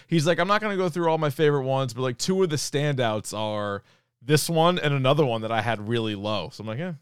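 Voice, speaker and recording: Guy on a comedy podcast, smooth voice, dry close mic, keeps doing little impressions. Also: medium pitch, quick pace, no room sound. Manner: animated, acts out quoted lines. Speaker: podcast co-host. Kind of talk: casual comedy podcast chat.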